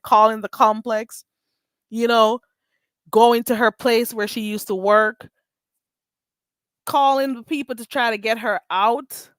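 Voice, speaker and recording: A woman hosting a live stream, chatting in an animated, gossipy way with callers. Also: no echo, studio quality. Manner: animated, gossipy, mimics others in a high voice. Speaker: livestream host. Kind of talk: casual live-stream chat.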